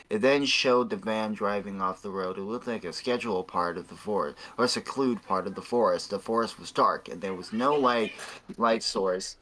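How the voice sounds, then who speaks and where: A man's voice: fairly low pitch, sharp tone, poor audio. A young man hosting, reading a fan fiction aloud with stumbling, swearing asides. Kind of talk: casual reading with commentary.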